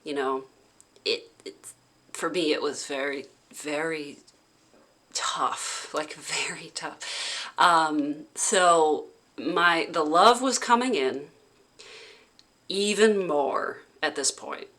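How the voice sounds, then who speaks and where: Woman vlogger, unhurried and halting, crisp bright tone, casual storytelling. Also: sits low. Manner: halting, heavy with "like" fillers. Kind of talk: casual personal recounting.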